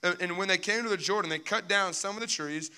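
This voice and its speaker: Talking fast in a clean tone, a young pastor tells stories through his sermon with animated energy. He voices the people in them with squeaky, panicked impressions.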